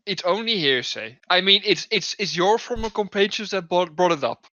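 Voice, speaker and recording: A man's voice: high voice, lively intonation, moderate pace, bright, forceful tone, dry recording. A man, needling and stubborn as he plays his character in a tabletop game. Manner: wry, needling, stubborn banter. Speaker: player. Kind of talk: in-character tabletop role-play. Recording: dull lo-fi dry home mic.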